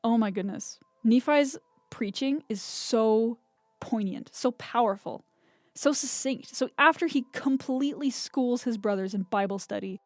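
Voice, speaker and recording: Here a young woman reads scripture aloud and offers casual, excited commentary, sprinkling in "like" often. Her voice is a bit high with a darkish tone, and there's no room sound.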